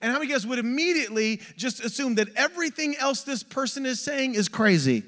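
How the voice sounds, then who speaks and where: A man preaching an energetic sermon, exhorting the congregation with rhetorical questions. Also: very high-pitched, fast talker. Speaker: pastor. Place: church sanctuary. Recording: long church hall reverb.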